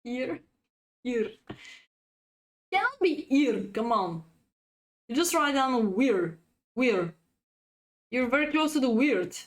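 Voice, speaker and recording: A woman's voice: high voice, big pitch swings, moderate pace. A woman chess coach, a native Bulgarian speaker, giving a live-streamed lesson, chatty and laughing often as she reads out chat.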